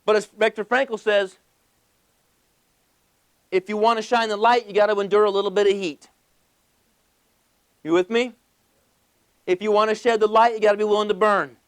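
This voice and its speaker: Male motivational speaker, high voice, animated, works the room with questions. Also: normal speed, pauses often, clean tone. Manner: animated, acts out little scenes with voices; asks the audience questions. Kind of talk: motivational talk to a live audience.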